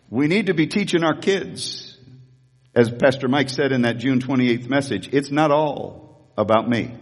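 A man pastor preaching an animated sermon, retelling a story with asides, repeating key lines for emphasis. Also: mid-range voice, breathy edge, big-room sound. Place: church sanctuary.

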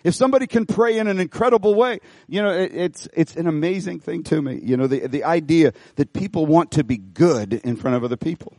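A middle-aged man pastoring a church, preaching an animated sermon, folksy and full of repeated phrases as he tells a story. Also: a little high, a little fast, hardly any pauses, no room sound, clean studio sound. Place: church auditorium.

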